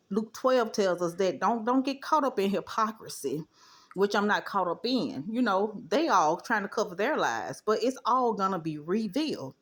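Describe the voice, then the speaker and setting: Indignant woman telling a story, higher voice. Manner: indignant, animated retelling with quoted dialogue. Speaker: vlogger. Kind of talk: casual storytelling to camera. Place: home, doing laundry.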